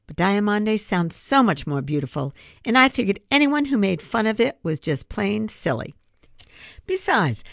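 A confident, sharp-tongued schoolgirl, as a woman reading aloud puts her on. She talks with sass and lively swings of pitch. The sound is close and dry. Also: dry recording. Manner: sassy, confident. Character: bold, sharp-tongued schoolgirl who likes the last word.

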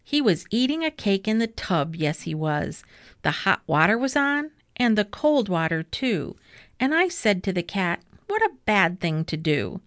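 A woman reading a rhyming children's book aloud in an expressive, rhythmic way. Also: mid-range voice, a little slow, no room sound. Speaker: storyteller.

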